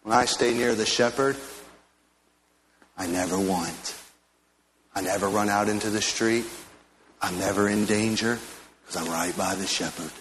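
A man preaching to his church in a somewhat low voice. He tells homely stories and then slows down for earnest pleas and prayer. Faint background noise sits under the sermon. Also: a bit bright, low-quality recording. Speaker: pastor. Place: church sanctuary.

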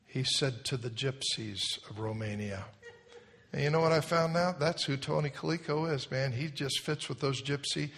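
A man preaching a sermon, telling a folksy story and building to loud exhortation. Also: on the high side, fairly even intonation, moderate pace, few pauses. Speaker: pastor. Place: large church hall. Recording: long hall reverb.

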